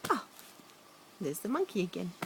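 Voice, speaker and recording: A woman's voice: on the low side, big pitch swings, normal speed, vocal fry, noisy background. A mother reading a picture book aloud to her small son, playful and coaxing, joining in with animal noises.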